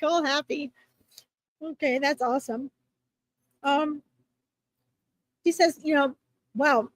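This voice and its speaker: High-voiced woman giving chatty live readings. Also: takes it slowly, long pauses, no echo. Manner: chatty, warm reassurance, filler-heavy. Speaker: psychic reader answering viewers.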